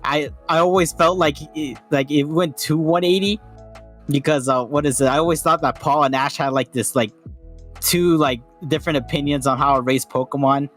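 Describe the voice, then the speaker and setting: A man's voice: fairly high pitch, steady tone, normal speed, fairly bright tone, faint music behind. A man on a voice call giving a casual, hesitant reaction, thinking aloud with many restarts. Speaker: panel guest.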